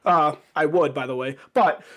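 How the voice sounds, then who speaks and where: A man's voice: a little high, moderate pace, a bit bright. A young man as a podcast guest, telling a rambling story in casual chat with lots of fillers. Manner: rambling anecdote with fillers and acted quotes.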